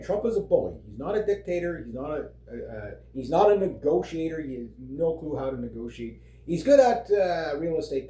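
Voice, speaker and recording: A Canadian vlogger rants casually about politics, rambling and swearing with heavy fillers and frequent laughter. His voice is mid-range with a dark tone, and the recording has a roomy echo.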